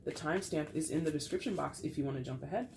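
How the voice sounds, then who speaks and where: A woman's voice: sits low, fast talker, vocal fry. Woman tarot reader, getting over a cold, chatty, playful, faint background noise. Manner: chatty and playful, with frequent laughter. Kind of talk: casual tarot reading to camera.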